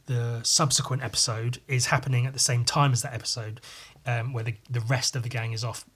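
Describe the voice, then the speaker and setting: A man talks through a casual solo podcast episode in a middle-pitched voice. He rambles and hesitates, restarting sentences and filling gaps with ums. His tone is laid-back and self-deprecating. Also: a bit bright. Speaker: podcast host.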